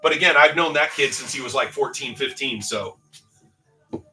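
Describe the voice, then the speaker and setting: A man's voice: medium pitch, moderate pace, pushed and bright, distant mic, faint music behind, poor audio. A middle-aged man telling a story in a loose, joking, casual way, swearing now and then as host of a livestream. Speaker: livestream card-break host.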